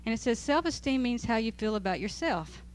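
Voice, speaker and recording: A woman's voice: on the high side, lively intonation, fairly quick, slight background noise. Woman teaching a casual Bible study. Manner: conversational, amused, laughs while reading aloud. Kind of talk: church talk to a group.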